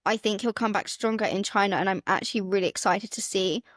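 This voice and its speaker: A woman co-hosting a motorsport podcast in casual chat, talking fast and acting out her own reactions. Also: mid-range voice, no echo, studio quality. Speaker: podcast co-host.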